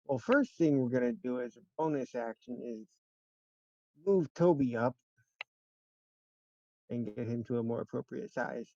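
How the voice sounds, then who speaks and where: A man's voice: medium pitch, a little slow, pauses often, warm tone, highs cut off. A man playing in a tabletop game, talking in a laid-back, joking way. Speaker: player. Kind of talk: casual tabletop game chat.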